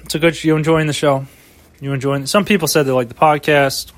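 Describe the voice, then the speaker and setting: A man's voice: fairly high pitch, steady tone, a little fast, a little hiss or hum. A man hosting a solo podcast, rambling casually with lots of swearing and mock pep talk, recorded outdoors. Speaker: podcast host.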